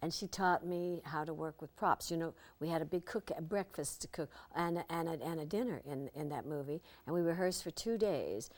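An older actress as an interview guest, telling lively anecdotes and slipping into impressions. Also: female voice, low voice, fairly quick, hardly any pauses. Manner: lively storyteller, slips into impressions.

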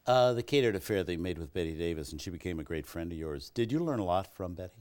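Deep-voiced man asking questions off-mic. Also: lively intonation, quick pace, a little mellow. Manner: brief prompts and questions. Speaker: interviewer.

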